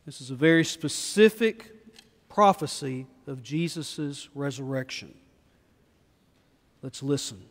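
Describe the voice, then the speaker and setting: A man leading a prayer and reading scripture aloud in church, measured and solemn with rising emphasis. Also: medium pitch, expressive. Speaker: pastor. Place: church sanctuary. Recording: long reverb of a church hall.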